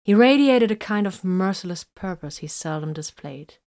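Brief: woman narrator, somewhat low voice, measured and softly dramatic story reading. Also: lively intonation. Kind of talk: storybook reading of fan fiction.

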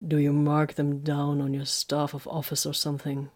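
A woman reading the lines of a calm male space marine commander in an audiobook, quiet and dry. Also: low-pitched, moderate pace.

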